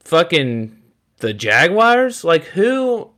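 A young man co-hosting a sports podcast in loose, rambling talk. His voice sits fairly high, and his sentences wander through fillers like "you know what I mean.". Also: very animated, drawn-out words, bright, forceful tone. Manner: rambling, filler-heavy banter. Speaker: podcast co-host. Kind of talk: casual sports chat.

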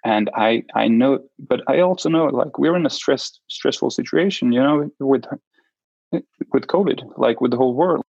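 A man with a gravelly, slightly husky voice, speaking haltingly with frequent restarts and fillers as he recounts a personal story in an interview. The sound is dull and lo-fi, with a dry, close feel. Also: mid-range voice, darkish tone, no echo. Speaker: interview guest.

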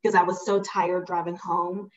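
A woman's voice: fairly low pitch, flat delivery, normal speed, crowd noise. A woman guest telling a personal story in a casual, emphatic way, acting out the dialogue she recalls. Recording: slightly muffled audio.

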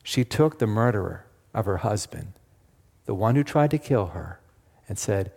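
A man preaching a sermon, telling a story dramatically and dropping to a hushed, pleading tone. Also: fairly low pitch, lively intonation, slow, creaky, long pauses, slightly rough. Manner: dramatic, swings from loud acted quotes to hushed pleading. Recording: long hall reverb.

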